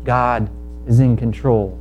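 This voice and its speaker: A man preaching a sermon, telling a parable in animated storytelling style and acting out the characters in quick asides. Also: mid-range voice, muffled recording, faint music behind. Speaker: pastor.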